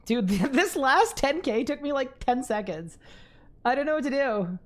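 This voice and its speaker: A young woman giving live gaming commentary on a stream, talking to chat, excitable and quick to laugh. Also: high-pitched.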